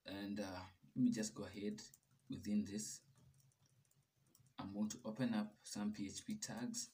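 A man hosting a casual coding tutorial, chatty and relaxed, laughing at his own mistakes. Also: fairly low pitch, a little slow, recorded from a distance.

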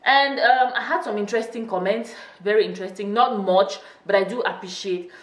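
A young woman talks casually to her channel viewers, chatty and quick to laugh. Her voice sits a little back from the mic in an echoey room. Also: medium pitch, far from the mic. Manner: chatty, laughs often, teasing. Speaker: YouTuber. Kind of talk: casual vlog chat.

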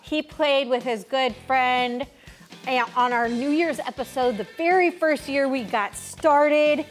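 Upbeat lady host, kinda high voice, talks quick, laughs a lot, faint music. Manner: bubbly, laughs often, fast bursts. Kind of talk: casual chat.

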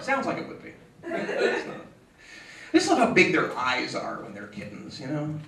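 A man performs stand-up with a high, widely swinging voice, ranting in mock exasperation. He sounds distant in a roomy club. A crowd laughs around him. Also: moderate pace, slight background noise. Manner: animated, exasperated rants with mock outbursts. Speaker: stand-up comedian. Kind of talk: stand-up comedy set. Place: comedy club stage.

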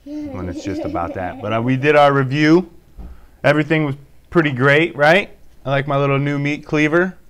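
A man's voice: on the high side, big pitch swings, moderate pace, fairly bright tone. A man in his thirties, a father hosting a casual home review vlog, laid-back and joking, swearing casually.

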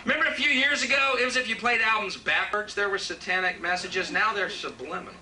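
A man's voice: high-pitched, fast talker. A man doing a stand-up set in a comedy club, ranting with a sarcastic, profane edge. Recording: distant live club recording, loud crowd. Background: audience laughter.

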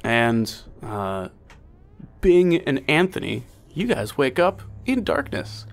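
A man's voice: medium pitch, big pitch swings, slow. Laid-back male game master. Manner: casual, loose narration with fillers and profanity. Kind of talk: narrating a tabletop game.

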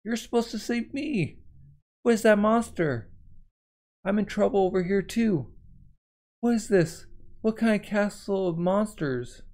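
A man's voice: a little slow, long pauses, a little mellow. A man voicing a frightened young woman navigator, crying out frantically for help while reading comic dialogue aloud. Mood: panicked. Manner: shrill, frantic cries for help.

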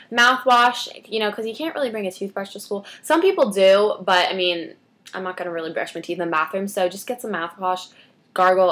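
A woman's voice: medium pitch, a bit bright. A teenage girl chatting casually to camera as a beauty vlogger, rambling with asides. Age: teens.

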